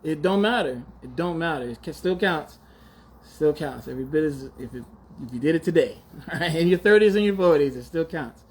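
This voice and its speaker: A man in his forties holds forth on a podcast in a casual, slangy monologue. His voice sits high and swings widely as he teases and acts outraged. He laughs often between points. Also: expressive, brisk, slight background noise. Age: 40s. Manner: slangy, teasing. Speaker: podcast host.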